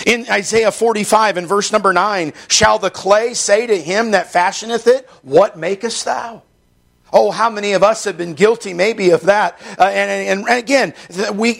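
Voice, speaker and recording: A man preaching a sermon, reading Scripture slowly and building to emphatic, fervent passages. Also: high-pitched, vocal fry. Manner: emphatic, rising into fervent stretches; reads Scripture aloud in slow measured delivery.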